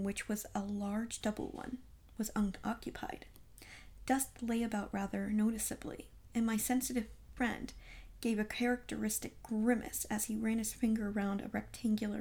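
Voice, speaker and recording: A woman narrating a classic detective story in a measured reading voice. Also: on the high side, fairly even intonation, darkish tone. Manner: measured storytelling read aloud. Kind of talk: audiobook narration.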